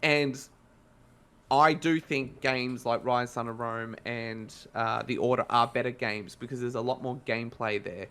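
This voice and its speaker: A man with an Australian accent talks through a game review in casual podcast chat. He rambles and corrects himself mid-sentence, his voice sitting at an ordinary middle pitch. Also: steady tone, measured pace, pushed and bright, clean tone. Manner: rambling, self-correcting, conversational.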